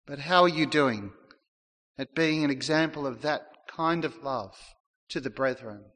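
A man's voice: mid-range voice, measured pace, fairly bright tone. A man preaching a sermon in a church, earnest, sometimes acting out the words of people in his text. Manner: earnest preaching, acts out quoted lines. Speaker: pastor. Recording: long hall reverb.

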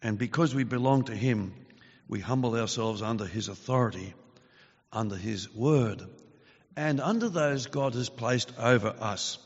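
A man preaching a sermon in an earnest, measured way, his voice growing forceful when he reads scripture. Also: mid-range voice, slightly rough. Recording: dull lo-fi sound with long reverb.

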